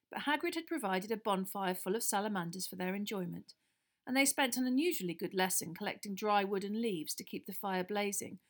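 A woman narrating a storybook aloud in a steady, even reading voice. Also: mid-range voice. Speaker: audiobook reader.

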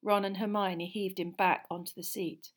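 A woman reads a story aloud as audiobook narration. Her delivery is expressive and dramatic, with a voice of middling pitch for a woman. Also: normal speed. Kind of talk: scripted narration.

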